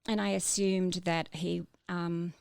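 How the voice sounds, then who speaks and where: Gravelly low-voiced woman with halting speech. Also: little pitch movement, a little mellow, no echo, clean studio sound. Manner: halting, many fillers and restarts. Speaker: interview guest. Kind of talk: personal story in a podcast interview.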